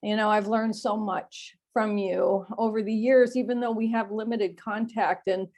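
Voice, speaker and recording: A woman giving an emotional personal share at a recovery meeting over an online call. She is close to tears and speaks haltingly, with many pauses and fillers. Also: medium pitch, steady tone, darkish tone. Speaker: meeting member sharing.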